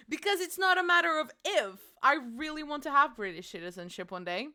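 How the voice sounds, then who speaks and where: A woman's voice: high voice, expressive, normal speed, pushed and bright. A young woman streaming from her home, chatting casually and playfully with her chat and swearing freely.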